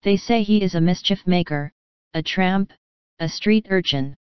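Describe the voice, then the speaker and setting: A woman reading the lines of a plain, calm old man in a storybook, matter-of-fact in manner. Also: lowish voice, unhurried, clear, resonant tone, dry recording, highs cut off, close to an everyday voice.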